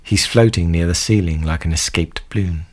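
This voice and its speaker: A man's voice: deep voice, moderate pace, a little mellow. A man delivering scripted, mock-serious comedic commentary as a host. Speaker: comedy song analysis host.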